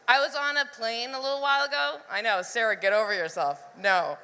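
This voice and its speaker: A woman doing live stand-up, with a high, bright voice that leaps all over. She is animated, acts out other voices and laughs often. The sound rings with a long hall reverb. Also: clear, resonant tone. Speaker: stand-up comedian. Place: live comedy venue.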